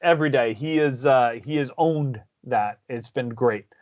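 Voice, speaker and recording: A man's voice: medium pitch, slow, highs cut off. A man from Maine, co-hosting a podcast in casual chat, rambling and enthusiastic with many restarts. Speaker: podcast co-host.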